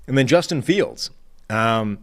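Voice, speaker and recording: A man hosting a casual sports discussion as a football analyst, measured and analytical as he lays out his points one by one. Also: medium pitch, animated. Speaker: show host and football analyst.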